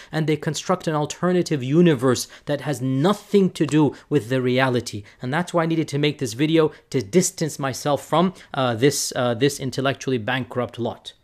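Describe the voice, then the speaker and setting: A man's voice: a little high, darkish tone. A man who preaches and teaches, giving an impassioned direct-to-camera rebuttal. He stresses points by repeating words.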